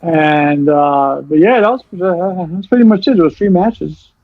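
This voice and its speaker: A man co-hosting a casual wrestling chat, excitable and swearing as he retells scenes. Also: on the high side, a little slow, phone-quality sound. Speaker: co-host.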